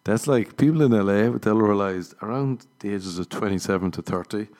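A man's voice: fairly low pitch, normal speed, darkish tone. A man telling stories as a comedian and podcast host in a casual monologue. He swears freely, laughs at his own jokes and acts out other people's voices.

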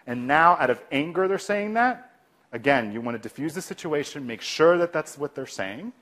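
A man giving an instructional talk on de-escalation as a clinician, lively and often dropping to a soft, calm voice to act out replies. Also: on the high side, normal speed.

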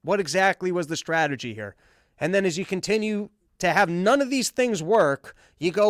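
A man's voice: sits high, lively intonation, normal speed, dry recording, clean studio sound. A man hosting a podcast, giving casual, rambling political commentary and sarcastically mocking others in put-on quotes. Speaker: podcast host.

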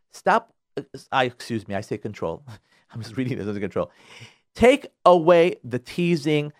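A man's voice: fairly high pitch, no room sound, studio quality. A man who works as a marriage counselor, hosting a radio advice talk and driving his points home by repeating phrases. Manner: emphatic, repeats phrases for stress.

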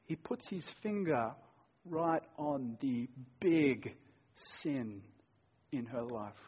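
A man's voice: medium pitch, animated, takes it slowly, slightly rough. A man preaching a sermon, reading scripture aloud and driving home points with emphatic bursts. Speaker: pastor. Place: church hall. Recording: dull sound in a long-echo church hall.

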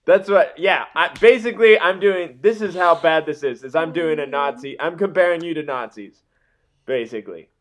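A young man co-hosting a casual podcast chat, joking and rambling through quick asides. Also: on the high side. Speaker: podcast co-host.

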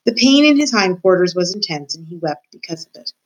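A woman teacher reading a children's book aloud to her class, warm and expressive in her storytelling. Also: on the low side, brisk, low-quality recording.

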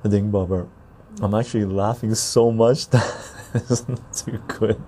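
A man's voice: fairly low pitch, fairly even intonation, measured pace, mellow, slight background noise. A man hosting a casual podcast chat from a patio, reading chat comments aloud, laughing often and swearing freely. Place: outdoor patio.

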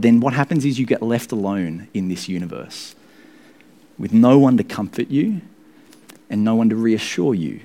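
An earnest male preacher delivering a sermon. His voice sits at a mid pitch and swings up in sudden, forceful rises for emphasis. Between those peaks he drops back to a quieter, steadier delivery. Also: expressive, normal speed.

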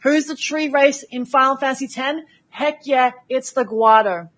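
A woman co-hosting a casual community show, chatty and quick to laugh. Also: sits high, fairly bright tone, a little hiss or hum. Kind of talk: casual chat.

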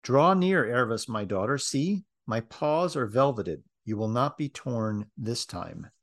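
A man's voice: mid-range voice, lively intonation, a little slow, no echo, studio quality. A man voicing a great male lion, majestic, stern yet loving, with a solemn, grave delivery. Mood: warm, commanding.

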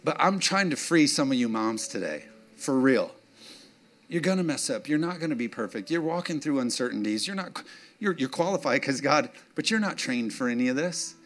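An emotional man preaching a sermon in a loose, conversational way, with laughing asides to the people in front of him. His voice sits at an ordinary middle pitch for a man. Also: lively intonation, moderate pace, a bit bright. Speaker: pastor.

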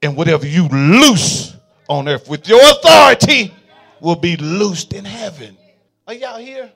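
A male pastor preaching a sermon in a call-and-response style, swinging from quiet murmurs to fervent shouts. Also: high voice, sing-song, a little slow, vocal fry, slightly rough.

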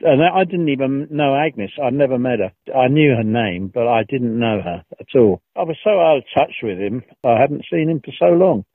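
A man's voice: mid-range voice, animated, normal speed, few pauses, no echo. A man reminiscing in a rambling way about an old colleague, chuckling often and restarting his sentences, heard over a phone line. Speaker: former co-star and guest. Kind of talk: anecdotal reminiscing.

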